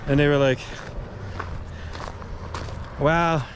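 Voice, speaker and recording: With a mid-range voice, fairly even intonation and a moderate pace, a young man on a thru-hike narrates his vlog outdoors. He wanders from thought to thought in a laid-back style thick with fillers. The setting is a mountain trail by a highway, with wind, traffic and outdoor noise in the background.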